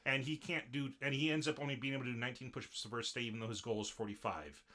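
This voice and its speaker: A man with a bright, forceful voice chats casually on a podcast, rambling through an anime recap. He talks in loose stretches full of fillers and restarts. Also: medium pitch, rapid-fire. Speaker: podcast co-host.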